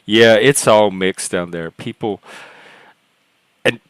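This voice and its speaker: A Cajun man from South Louisiana in his forties, rambling and halting as he tells stories while hosting a panel chat. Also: on the low side, clean tone, no room sound, poor audio. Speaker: host of a panel discussion. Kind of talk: casual chat.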